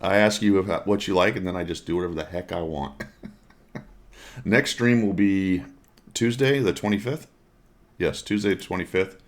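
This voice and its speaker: A man's voice: deep voice, moderate pace, long pauses. A man hosting a casual gaming podcast, joking and self-mocking and laughing often. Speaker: podcast host. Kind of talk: casual chat.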